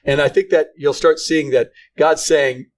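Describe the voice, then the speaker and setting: A man's voice: fairly high pitch, steady tone. A middle-aged man co-hosting a faith podcast, talking earnestly with frequent restarts. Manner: earnest, halting, many restarts. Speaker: podcast co-host. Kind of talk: casual faith conversation.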